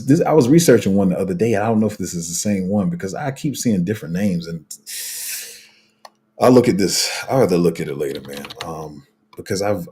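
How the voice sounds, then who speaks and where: A man's voice: deep voice, mellow, slightly rough. A man hosting a casual crypto livestream, rambling through viewer comments with lots of fillers, restarts and slang.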